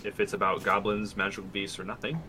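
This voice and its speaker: A man playing a tabletop game, speaking quietly and low-key. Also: fairly even intonation, fast talker, a crowd in the background. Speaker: player. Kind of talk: casual play chat.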